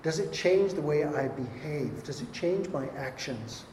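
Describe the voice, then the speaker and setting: A man's voice: a little high, animated, a little slow, hardly any pauses, darkish tone, a little hiss or hum. A man preaching a sermon, earnest and emphatic, often repeating his points. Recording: echoey hall with long reverb.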